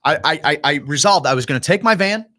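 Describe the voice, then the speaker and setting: A man's voice: fairly high pitch, lively intonation, fast talker, pushed and bright. A man on a podcast telling a long, emotional story, swearing heavily and acting out his own past thoughts. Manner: heavy swearing, emotional and rambling. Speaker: podcast guest.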